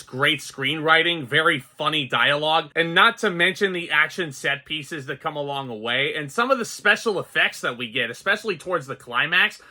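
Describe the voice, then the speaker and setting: A young adult man giving an excitable, chatty movie review, addressing his viewers as guys. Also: on the high side. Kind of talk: casual spoken movie review.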